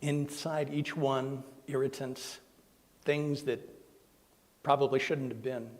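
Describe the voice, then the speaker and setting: A male minister telling an emotional personal story during a sermon, with soft, tender quoted voices. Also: mid-range voice, fairly even intonation, takes it slowly. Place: church sanctuary. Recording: long hall reverb.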